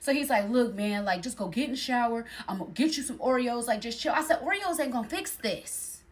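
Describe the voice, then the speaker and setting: A young woman telling a dating story in a casual storytime, animated and acting out the other people's voices. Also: fairly high pitch, fast. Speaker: storyteller in a clip.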